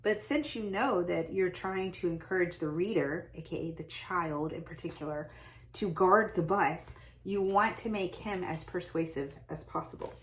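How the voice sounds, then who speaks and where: A young adult woman hosting a lesson, talking casually and brightly about reading to children as she shows pages of books. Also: lowish voice, normal speed, poor audio. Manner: lively and chatty, showing off book pages. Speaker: host giving read-aloud tips to parents. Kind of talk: casual instructional talk.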